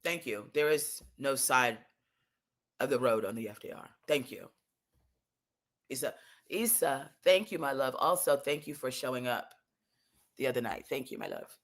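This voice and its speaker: A woman telling a comic story in an animated, exasperated way, swearing freely. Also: very deep voice, normal speed, long pauses.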